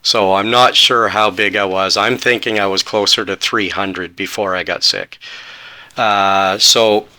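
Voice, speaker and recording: Earnest storytelling man, bright forceful voice. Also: on the low side, fairly even intonation, measured pace. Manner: earnest, retells talks with quoted dialogue. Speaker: podcast guest. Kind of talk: personal storytelling.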